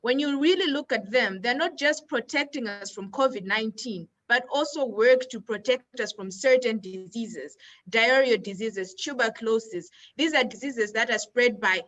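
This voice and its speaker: A woman speaking as a panelist, explaining in a measured way. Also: on the high side, a bit bright, poor audio. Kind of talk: panel discussion.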